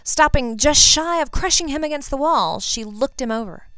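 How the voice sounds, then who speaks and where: A woman reading a fan fiction story aloud, narrating in an even, unhurried way. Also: sits high, no room sound. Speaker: reader.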